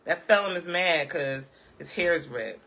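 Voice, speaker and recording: Woman vlogger, off-the-cuff live-chat commentary, sharp bright tone, sassy and emphatic. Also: low-pitched, animated, unhurried, a little hiss or hum. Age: adult, parent of a school-age child. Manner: sassy, emphatic, punctuates points with "okay?" and laughs.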